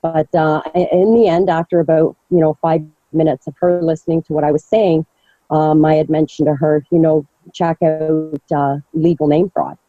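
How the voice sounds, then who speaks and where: A man recounting a personal story on an online call, slow and halting. His voice is very dark, and the call audio sounds dry and dull. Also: on the high side, little pitch movement, no echo. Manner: halting, with many fillers and restarts. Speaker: caller sharing a story.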